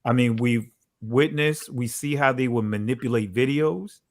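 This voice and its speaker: New Jersey pastor in casual talk. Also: male voice, medium pitch, moderate pace, no room sound, clean studio sound. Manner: conversational, frequent "you know" fillers. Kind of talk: casual online discussion.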